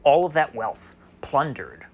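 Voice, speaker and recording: A man's voice: fairly high pitch, expressive, unhurried, a little mellow, muffled recording, slight background noise. A man delivering a solo opinion monologue as a political commentator, sarcastic and mocking, with many fillers.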